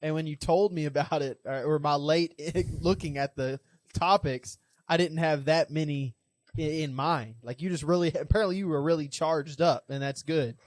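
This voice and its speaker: A man's voice: a little high, moderate pace, no room sound. A young man co-hosting a casual podcast, rambling through stories and getting fired up over his opinions. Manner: rambling storyteller, gets fired up. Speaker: podcast co-host. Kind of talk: casual chat.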